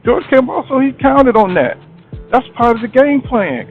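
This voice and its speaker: A man's voice: very high-pitched, lively intonation, normal speed. A man giving a casual boxing commentary monologue, blunt and slangy, who keeps asking "you know what I'm saying". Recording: tinny phone-like sound, faint music.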